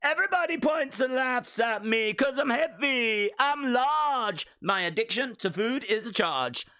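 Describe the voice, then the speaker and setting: A man's voice: very high-pitched, animated, measured pace, pushed and bright, clean tone, voice pushed up, heavily acted. A man voicing a gluttonous, boastful male cartoon pig who recites a sing-song rhyme about his appetite. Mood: gleeful.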